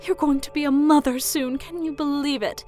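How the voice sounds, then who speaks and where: A woman's voice: sits high, steady tone, normal speed, mellow, faint music behind, close to an everyday voice. A woman voicing a controlling middle-aged mother who mocks and belittles her daughter. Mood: doting. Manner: mocking, belittling, pushy.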